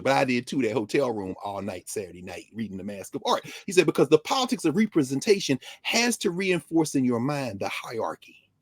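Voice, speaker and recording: A man speaking as a guest scholar on a talk show, telling stories in an animated way, acting out quoted exchanges and scattering "you know" through his speech. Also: mid-range voice, slightly rough, no room sound. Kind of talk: animated talk-radio commentary.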